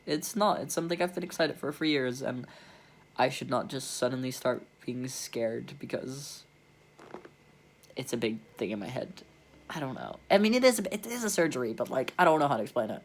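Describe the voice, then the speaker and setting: A man's voice: mid-range voice, lively intonation, moderate pace, a little hiss or hum. A young adult man talking candidly in a personal vlog, rambling with restarts and nervous laughs. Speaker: vlogger.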